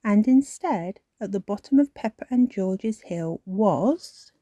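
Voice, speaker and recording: A woman reading a children's storybook aloud in a slow, expressive way. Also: mid-range voice, no room sound, studio quality.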